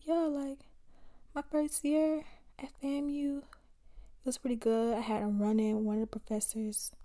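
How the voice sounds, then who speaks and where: A young woman in her twenties hosting a podcast, telling stories in a casual, animated and slangy way and addressing listeners directly. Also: high voice, moderate pace. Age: 20s. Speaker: podcast host. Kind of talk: casual storytelling chat.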